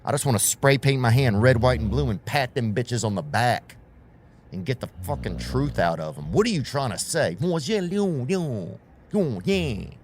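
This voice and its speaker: A man's voice: mid-range voice, animated, moderate pace, slight background noise. A man hosting a podcast with a comedic monologue, rambling, swearing a lot and sounding keyed up. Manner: rambling, profane, riffing. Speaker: podcast host.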